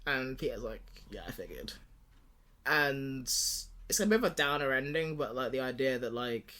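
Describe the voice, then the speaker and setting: A man co-hosting a podcast in casual chat, pitching a movie plot and acting out characters in quick voices, laughing often. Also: pushed and bright. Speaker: podcast co-host.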